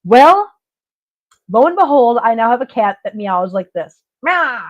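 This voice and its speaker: A woman's voice: on the high side, very animated, measured pace. A middle-aged woman hosting a casual livestream chat, telling stories in a chatty way and laughing often. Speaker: host. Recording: dull lo-fi stream audio.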